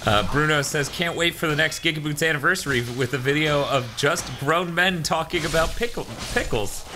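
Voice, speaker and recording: Over background music, a man co-hosting a casual gaming stream reads viewer chat messages aloud and tosses in joking asides, his voice on the high side and fairly quick.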